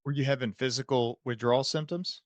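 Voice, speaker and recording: A man's voice: medium pitch, steady tone, fairly quick, dry recording. A man hosting a podcast, asking interview questions in an empathetic way while searching for words. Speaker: podcast host.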